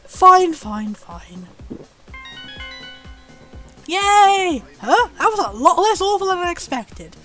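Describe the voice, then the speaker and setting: A woman's voice: very high-pitched, sing-song, slow, long pauses, fairly bright tone, faint music behind, full character voice. A British woman voicing a blunt, sassy young heroine in a video game. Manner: blunt, brash.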